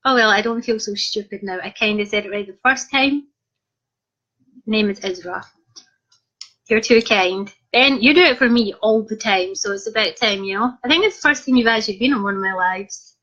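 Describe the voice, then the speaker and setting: A woman's voice: medium pitch, moderate pace, pushed and bright. A woman with a Scottish accent, an author chatting casually on a live stream, reading out comments and making jokey asides. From Scotland. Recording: slightly muffled lo-fi live stream.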